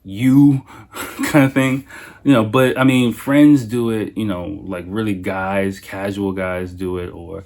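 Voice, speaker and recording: A man's voice: on the low side, steady tone, a little slow, a little mellow. A man in his thirties, a native English speaker hosting a casual solo podcast, telling stories animatedly, swearing freely and laughing often. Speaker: podcast host.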